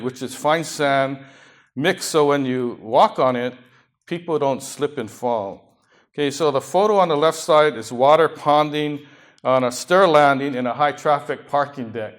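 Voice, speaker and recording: Man, slightly high voice, seminar presenter, joking asides, talking to a conference room audience. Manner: joking asides between slide points. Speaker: seminar speaker.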